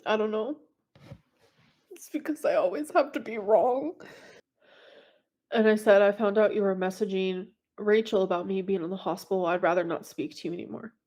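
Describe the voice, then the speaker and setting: A woman's voice: mid-range voice, darkish tone. Rambling woman venting on a livestream. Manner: rambling, filler-heavy, reads text messages aloud quickly.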